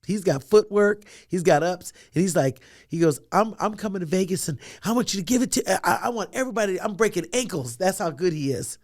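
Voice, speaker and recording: A woman's voice: lowish voice, lively intonation, fairly quick, few pauses, darkish tone, dry recording, studio quality. A woman in her fifties, a comedian guest, telling stories in casual chat and acting out the dialogue. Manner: storytelling, acts out dialogue.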